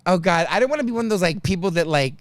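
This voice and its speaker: A man hosting a podcast, telling a story in casual chat, unfiltered and self-mocking, acting out quotes in a high voice. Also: rapid-fire, no room sound. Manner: animated, acts out quotes in a high voice. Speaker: podcast host.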